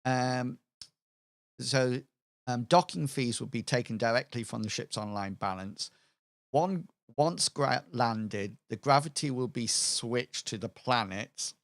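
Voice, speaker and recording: A man's voice: mid-range voice, takes it slowly, gravelly, no room sound. A man on a livestream planning a tabletop campaign, talking hesitantly as he brainstorms ideas. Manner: hesitant, full of fillers and restarts while brainstorming. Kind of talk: thinking-aloud worldbuilding livestream.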